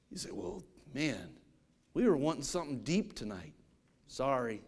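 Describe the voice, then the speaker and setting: A man preaching a sermon, animated and storytelling, acting out the people in his stories. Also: mid-range voice, moderate pace, gravelly. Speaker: pastor.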